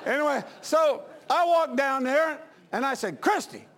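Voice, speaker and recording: A male pastor, preaching in a folksy style with anecdotes, swinging between loud outbursts and quiet asides. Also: very high voice, unhurried.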